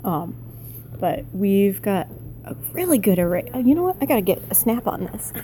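A woman's voice: mid-range voice, sing-song, normal speed, mellow, slight background noise. Playful woman bantering into a phone. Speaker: podcast co-host. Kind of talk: casual chat. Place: large booth in a busy mall restaurant. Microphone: phone voice recorder.

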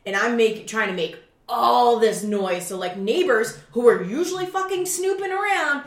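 A woman telling a story in a casual chat, profane and animated, acting out her own shouting. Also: on the high side, normal speed. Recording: roomy echo.

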